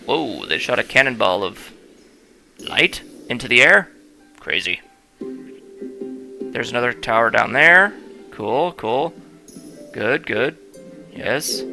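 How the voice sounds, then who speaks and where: A man hosts a let's-play, joking around as he commentates on the gameplay and addresses viewers directly. His medium-pitched voice sounds pushed and bright.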